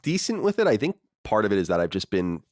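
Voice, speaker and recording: Relaxed male podcast co-host, lower register, dry close mic. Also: quick pace, no echo. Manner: relaxed, conversational, swears casually. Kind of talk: casual podcast film discussion.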